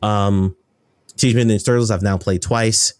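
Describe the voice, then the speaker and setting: Low-voiced, dry-sounding American games journalist. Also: male voice, steady tone, normal speed, dry recording. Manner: rambling, self-correcting, enthusiastic. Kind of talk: casual podcast chat.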